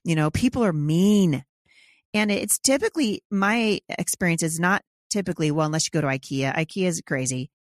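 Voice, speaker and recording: A woman's voice: lowish voice, normal speed, no echo, clean studio sound. A woman hosting a talk podcast, speaking emphatically and preachily with frequent fillers, then leading a prayer. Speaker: podcast host.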